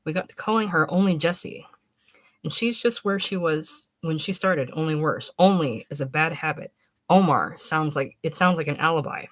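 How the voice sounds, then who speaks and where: A woman's voice: low voice, moderate pace, dry recording. A woman reading aloud, voicing a flippant young woman who teases and drawls. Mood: teasing. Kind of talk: audiobook reading.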